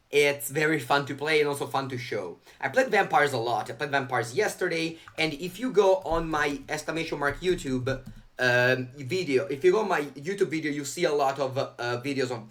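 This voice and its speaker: A man's voice: a little high, animated, moderate pace, fairly bright tone. A young man chatting live on a game stream, reading viewer chat aloud and answering it.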